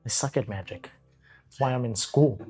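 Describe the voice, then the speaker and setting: Husky-voiced man joking around in a game. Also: mid-range voice, mellow, faint music behind. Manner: quick, joking, playful. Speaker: player. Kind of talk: in-character banter.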